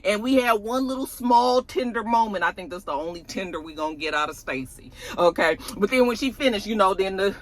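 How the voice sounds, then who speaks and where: A woman's voice: mid-range voice, fairly quick, hardly any pauses. A woman giving a sassy, casual recap of a TV episode as the show's reviewer. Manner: sassy, animated, cursing. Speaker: TV show reviewer.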